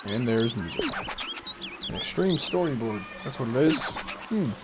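Lively, profane streamer man. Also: medium pitch, measured pace. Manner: profane, reactive, animated. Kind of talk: casual live gameplay commentary. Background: video game music.

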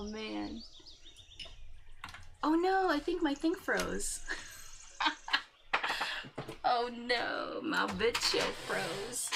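Chatty woman streamer, lively higher voice. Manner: chatty, talks to viewers while working, giggles often. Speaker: streamer painting with watercolors. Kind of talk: casual livestream chat.

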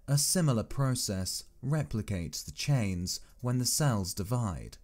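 A man reading a science fiction story aloud as an audiobook, in measured, expressive first-person narration. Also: mid-range voice. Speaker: audiobook reader.

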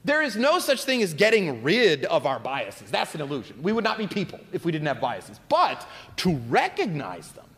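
A man answering audience questions as a guest philosopher at a public talk, speaking in an animated, expansive way with spirited emphasis. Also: on the high side, normal speed, few pauses, husky. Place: lecture hall at a college event. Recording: hall reverb.

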